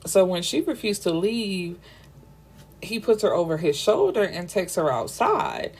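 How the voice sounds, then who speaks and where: A woman's voice: fairly low pitch, very animated, measured pace, slightly rough. A young woman hosting a book review, chatting casually with slangy, giggly asides.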